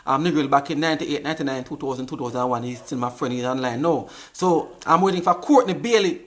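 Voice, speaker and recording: A man's voice: medium pitch, fast. A Jamaican man hosting a live stream, chatting casually and reading out viewers' comments, often repeating his words. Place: indoors on live video.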